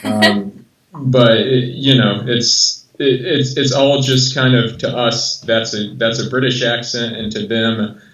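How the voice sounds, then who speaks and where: An American man in his thirties, a guest in a casual interview, talking haltingly with many restarts. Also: mid-range voice, fairly even intonation, a bit bright, echoey room, far from the mic, muffled recording, faint music behind. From rural southern United States.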